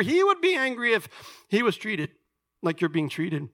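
A man preaching a sermon in a conversational, animated way, swinging from loud emphasis to hushed asides and rhetorical questions. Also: very high voice, moderate pace.

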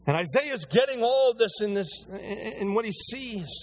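A man preaching a sermon as pastor, animated, rising loud on emphasis and slowing down when reading scripture aloud. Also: high voice, slight background noise.

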